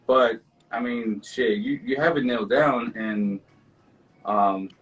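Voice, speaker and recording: A man's voice: mid-range voice, slow pace, a bit bright, distant mic, highs cut off. A man co-hosting a podcast in casual, laid-back chat, who trails off and swears freely. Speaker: co-host.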